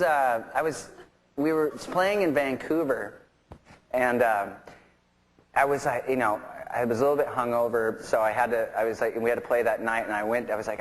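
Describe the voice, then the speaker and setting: A man who plays in a touring rock band, telling a rambling anecdote in an interview, laughing often and acting out the voices of the people in his story. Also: mid-range voice. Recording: interview clips with clear background noise.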